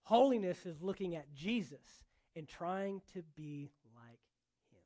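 High-voiced preacher, emphatic and repetitive. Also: male voice, animated, a little slow, dark tone. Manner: emphatic, repeating phrases for effect. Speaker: pastor. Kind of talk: sermon.

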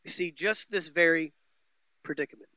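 A man preaching a sermon with emphatic, repetitive phrasing that swings between loud, stressed declarations and quiet, low passages. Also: normal speed, no room sound. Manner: emphatic preaching, repeating phrases with rising and falling intensity. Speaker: pastor.

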